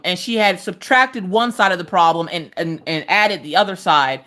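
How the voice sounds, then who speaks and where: A woman hosting a casual craft livestream, telling animated, exasperated stories about her family. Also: on the low side, normal speed, hardly any pauses. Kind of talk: casual chat.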